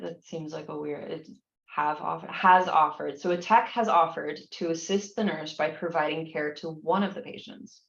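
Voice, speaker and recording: A woman's voice: low voice, moderate pace, gravelly, echoey room, highs cut off. A woman explaining nursing exam questions, reading each one aloud and then walking through the answers patiently, with frequent restarts.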